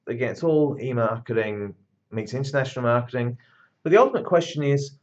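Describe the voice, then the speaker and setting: A man's voice: mid-range voice, lo-fi sound. A man giving a university lecture in a conversational, emphatic way, with blunt asides.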